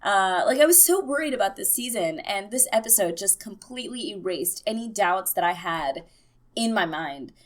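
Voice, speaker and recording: A young woman giving a casual, excitable TV episode recap, full of fillers. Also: medium pitch, normal speed. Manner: chatty and excitable, many fillers. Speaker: TV recap vlogger.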